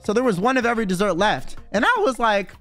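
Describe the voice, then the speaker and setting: A man telling an animated, slang-filled story in casual chat, swearing freely and acting out what people said. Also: sits high, fast, faint music behind. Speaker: streamer guest telling a story.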